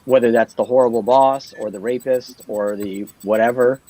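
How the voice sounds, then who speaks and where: A man's voice: mid-range voice, steady tone, normal speed, dark tone, low-quality recording. A man talking earnestly on a livestream panel, explaining his ideas and often checking in with "right?".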